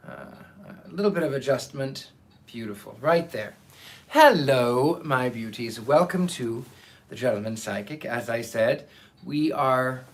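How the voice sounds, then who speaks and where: Host type, male, theatrical and chatty, greets his audience warmly by name, mid-range voice. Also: mid-range voice. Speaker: host of a live storytelling stream. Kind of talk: casual chat and reading aloud.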